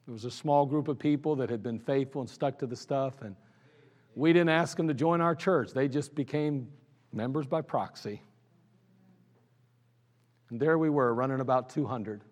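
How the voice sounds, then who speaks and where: A man with an Ohio accent, a pastor telling his church's history in an anniversary sermon, animated and laughing at his own stories. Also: mid-range voice, moderate pace, pauses often. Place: church sanctuary. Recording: church service recording with long hall reverb.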